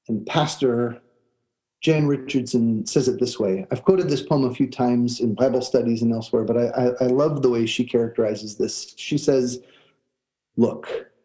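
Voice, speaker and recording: A man's voice: mid-range voice, warm tone, poor audio. A man, a pastor, giving a sermon and telling a personal story in an earnest way, often restarting his words.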